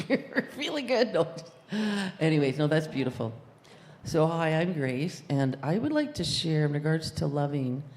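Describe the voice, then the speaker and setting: A woman's voice: deep voice, darkish tone. A woman in her sixties speaking up from the congregation, sharing a personal story in a chatty way and laughing often. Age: 60s. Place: church hall. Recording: long reverb of a hall.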